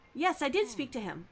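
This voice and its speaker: A woman with a fairly high voice hosts a live game stream, talking casually to her chat. She is animated and playful, reacting quickly to whatever viewers type in. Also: a little hiss or hum.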